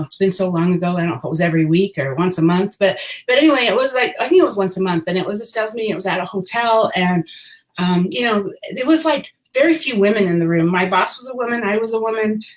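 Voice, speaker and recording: A woman telling a story from her past straight to camera, in a loose, chatty vlog style. She wanders between asides, repeats phrases for emphasis and lets out small laughs at her own expense. Her voice sits at an ordinary middle pitch. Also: animated, quick pace, rough recording. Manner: rambling, repeats phrases for emphasis, chuckles at herself. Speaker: vlogger telling a personal story.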